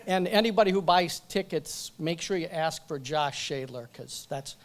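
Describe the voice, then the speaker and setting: A man's voice: a little high, normal speed. A man giving a joking, chatty acceptance speech at a banquet event, talking into a microphone and going off script. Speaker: award recipient.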